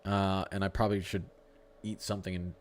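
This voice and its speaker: A man's voice: low voice, flat delivery, a little fast. A man hosting a casual live weather stream, reading the radar and answering his chat. He talks loosely, restarts his sentences and stumbles over place names. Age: adult with a young son. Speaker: livestream weather host.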